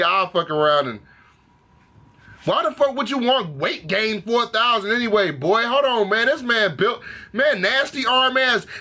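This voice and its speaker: A man hosting a reaction video, commenting on a cartoon with animated, profane slang. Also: high voice.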